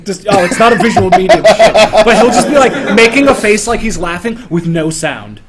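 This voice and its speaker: A man's voice: high-pitched, expressive, moderate pace, loud music behind the voice. A man rambling through stories with lots of fillers and swearing, in casual podcast banter at a live meetup.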